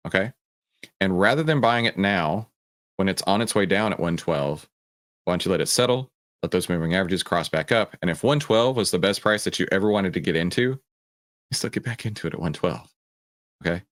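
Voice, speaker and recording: A man's voice: sits low, a bit bright. A man hosting a stock market commentary show, reacting to a clip and explaining a chart, emphatic and checking in with "right?" and "okay?". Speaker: host.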